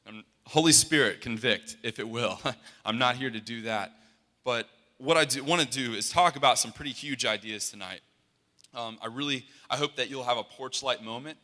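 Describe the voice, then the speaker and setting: An earnest young man preaches in a big, reverberant hall, his bright, forceful voice ringing out over a PA microphone. He talks conversationally and often stumbles and restarts mid-sentence. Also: mid-range voice, moderate pace. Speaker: worship leader and guest speaker. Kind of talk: sermon. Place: large hall.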